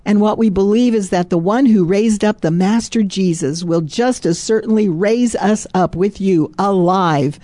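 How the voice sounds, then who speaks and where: Reading a story aloud as part of a Christian devotional, this woman interjects chuckles, repeated phrases and "praise God." She speaks emphatically, repeating words for stress, in a mellow, medium-pitched voice that is unhurried yet hardly pauses. There is no room sound.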